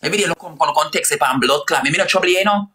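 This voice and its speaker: Jamaican woman, livestream host, bright cutting voice, loud cursing rant. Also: low-pitched, rapid-fire, a little hiss or hum. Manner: loud, cursing, sing-song outbursts.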